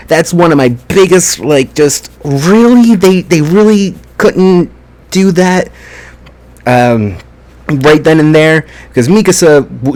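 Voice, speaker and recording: A man giving a casual spoken review of an anime episode, excitable and profane, retelling scenes with plenty of fillers. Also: medium pitch.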